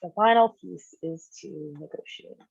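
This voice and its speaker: A woman's voice: on the low side, unhurried, vocal fry, breathy edge, no room sound. A woman therapist teaching a skills class in a conversational way, acting out example dialogue. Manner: conversational, acts out example dialogue in lively voices. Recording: dull, dry lo-fi recording.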